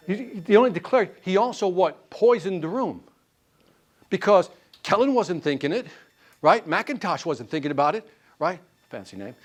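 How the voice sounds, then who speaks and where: A man leading a live sales training class, quizzing the room with quick questions and answers. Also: high voice. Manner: animated, quizzing the class with call-and-response questions.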